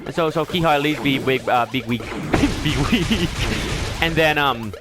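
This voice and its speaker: A young man hosting a game video, recapping a story in a casual, rambling and animated way with lots of filler words. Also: fairly high pitch, a little slow, loud music behind the voice. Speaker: let's play host.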